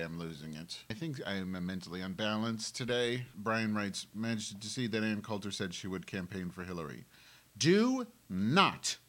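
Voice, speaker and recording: A man's voice: on the low side, a bit bright. A man hosting a live webcam show from home on a wireless mic, rambling profanely with abrupt outbursts as he moves around his kitchen. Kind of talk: rambling live-stream monologue.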